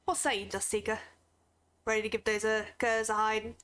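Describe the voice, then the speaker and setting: A woman reading game dialogue as a rough-edged rebel mechanic rousing his crew for a fight. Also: on the high side, flat delivery, a little fast, a bit bright, lightly acted.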